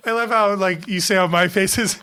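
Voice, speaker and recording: A woman's voice: medium pitch, brisk, background noise. A woman co-hosting a casual podcast, bantering and laughing easily with her partner. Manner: laughing, bantering, lively intonation. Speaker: podcast co-host.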